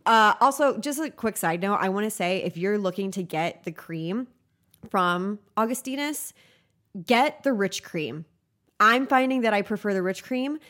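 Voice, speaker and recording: A young woman co-hosts a casual beauty chat with a playful, enthusiastic manner. Her voice sits at an ordinary pitch for a woman. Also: animated, normal speed, a bit bright. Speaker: podcast co-host.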